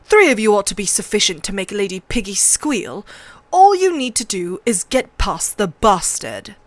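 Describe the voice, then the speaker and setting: A woman voicing a cruel, mocking middle-aged male master-at-arms with a sharp, cold voice, in a book reading. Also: mid-range voice, very animated, moderate pace, dry recording, lightly acted. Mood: sneering.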